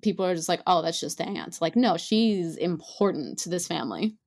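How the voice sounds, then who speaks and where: Soft, earnest woman, lower voice. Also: lively intonation, a little fast, creaky.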